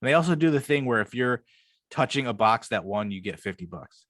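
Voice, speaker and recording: A man's voice: medium pitch, lively intonation, a little fast, fairly bright tone, no echo, studio quality. A young man co-hosting a podcast, talking in a loose, rambling way and swearing often. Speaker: podcast co-host. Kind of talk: casual chat.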